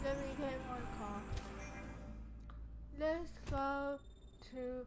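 A woman's voice: high voice, steady tone, slow pace, long pauses, over loud music. A woman giving casual let's-play commentary as she plays a game. She is chatty, swears and talks to herself. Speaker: gaming streamer.

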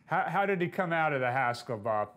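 A man's voice: fairly high pitch, expressive, brisk, a bit bright. A man hosting a show and interviewing a guest, asking earnest questions that start with small stumbles.

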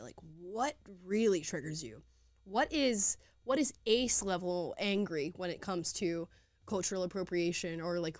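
A woman's voice: fairly low pitch, dry recording, clean studio sound. Sarcastic young woman hosting a podcast. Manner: sarcastic, laughs often. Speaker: podcast host. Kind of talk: commentary on reaction clips.

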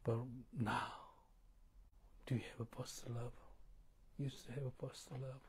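A man preaching a sermon, questioning the congregation and moving between loud emphasis and hushed tones. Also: medium pitch, level tone, measured pace, gravelly, crowd noise. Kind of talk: sermon with call-and-response.

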